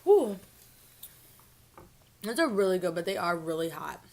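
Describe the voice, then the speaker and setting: A woman's voice: fairly low pitch, fast. A young woman hosting a mukbang vlog, chatting casually to the camera between bites, bubbly and full of "like" and "ooh". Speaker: mukbang vlogger. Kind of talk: casual chat to camera while eating.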